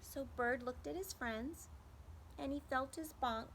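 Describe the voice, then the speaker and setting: A woman's voice: high voice, measured pace, slight background noise. A young adult woman, a preschool teacher, reading a story aloud to children and asking them questions. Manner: animated, asks children questions.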